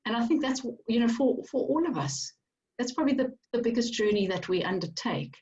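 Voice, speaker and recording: Soft-spoken South African woman author. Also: on the high side, lively intonation, a little fast. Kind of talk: reflective conversation. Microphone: video call. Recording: distant dull video-call audio.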